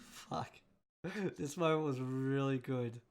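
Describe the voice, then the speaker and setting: A man's voice: mid-range voice, steady tone, slow pace. A man hosting a casual film breakdown, speaking in a rambling and emotional way with a congested, nasal voice. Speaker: host.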